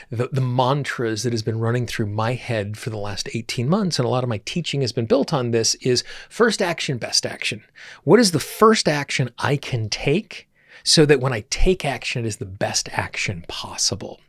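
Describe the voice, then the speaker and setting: A man's voice: medium pitch, animated, moderate pace, dry recording, studio quality. A middle-aged man coaching on tapping, explaining his ideas in an earnest teaching monologue with stressed key words.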